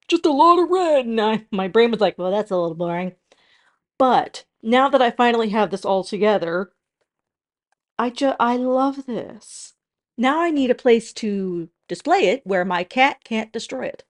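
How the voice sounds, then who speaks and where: Young woman vlogger; casual, heartfelt chat that turns bubbly and excitable. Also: fairly high pitch, normal speed. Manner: soft and tearful, then bubbly and excitable.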